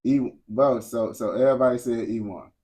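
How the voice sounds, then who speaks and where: A young American man holds forth to his live chat in a loose, unscripted rant. His speech is blunt and slangy, full of restarts, repeated words and a steady "bro". His pitch sits in an ordinary middle range. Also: fairly quick. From United States. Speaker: streamer talking to chat. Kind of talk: casual unscripted rant to viewers.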